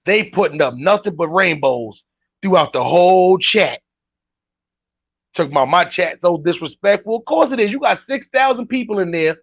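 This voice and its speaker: A man's voice: high voice, animated, moderate pace, slightly rough, dry recording, dull audio. A man hosting a podcast, giving mocking, incredulous reaction commentary on live-stream clips in slangy street talk and laughing often. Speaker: podcast host.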